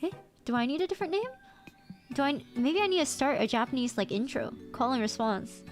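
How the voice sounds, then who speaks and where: Excitable American woman streamer, high voice, casual chat over soft background music. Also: brisk. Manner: excitable and playful, squeaky outbursts. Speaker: VTuber streamer. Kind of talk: casual livestream chat, reading chat aloud.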